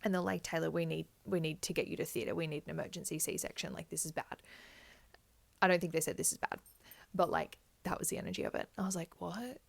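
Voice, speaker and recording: A woman's voice: low voice, steady tone, quick pace, gravelly, hardly any pauses. A young woman telling her birth story in candid, chatty style, swearing freely. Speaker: vlogger. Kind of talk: casual birth story chat.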